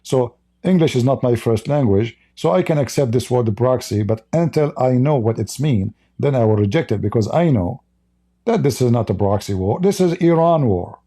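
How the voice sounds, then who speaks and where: A man with a medium-pitched, animated, warm voice talks at normal speed. He's hosting a live stream in English, his second language, reading viewers' chat and making heated, blunt, mocking comments in broken English.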